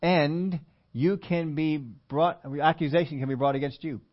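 Animated preacher man, high voice. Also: a little slow, lo-fi sound. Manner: animated preaching, asks the congregation questions. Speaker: pastor. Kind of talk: sermon.

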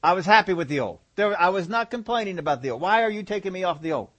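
A preacher voicing a whiny, stubborn, lazy human body that complains about leaving the couch, in a raised, pleading tone. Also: male voice, lively intonation, quick pace. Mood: whining. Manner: pleading, complaining, higher and louder than his own voice.

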